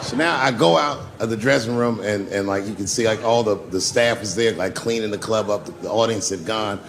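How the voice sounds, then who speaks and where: A man doing stand-up comedy, telling a long story and acting out the voices with big swings in pitch. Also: brisk, noisy background. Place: comedy club stage. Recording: live club with long reverb and faint ambience.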